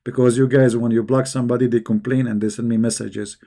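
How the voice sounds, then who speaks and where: A man hosting a casual livestream, talking in a mocking, animated way with quick asides. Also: mid-range voice. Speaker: host.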